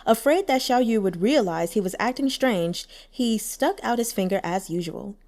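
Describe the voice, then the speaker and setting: Female narrator for audiobook fiction; higher register, lively and expressive delivery. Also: normal speed. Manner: expressive storytelling with lively pitch. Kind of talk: scripted narration.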